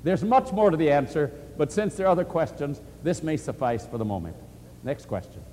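A man preaching and answering questions, earnest and animated, often quoting scripture. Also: fairly high pitch, a little fast, in a large hall, a little hiss or hum. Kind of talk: sermon-style question and answer.

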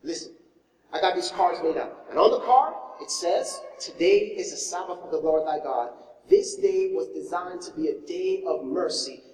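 A male pastor delivers an animated sermon, his voice jumping from big exclamations down to near-whispers as he tells a story. The sound is roomy with a long reverb tail, picked up from some distance away. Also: high voice, normal speed. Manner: animated storytelling, swinging from loud to hushed. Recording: echoey hall, mic from far off.

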